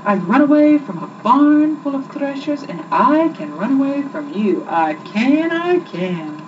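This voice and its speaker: A woman voicing a boastful little gingerbread boy who taunts in a high sing-song chant. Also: expressive, moderate pace, lightly acted. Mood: taunting. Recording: muffled distant recording with loud background hiss.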